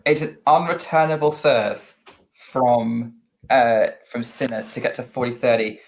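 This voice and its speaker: A man's voice: medium pitch, fairly even intonation. British man calling tennis play-by-play. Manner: rapid play-by-play calling, chatty asides. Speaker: co-host and play-by-play commentator. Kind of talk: live watchalong commentary.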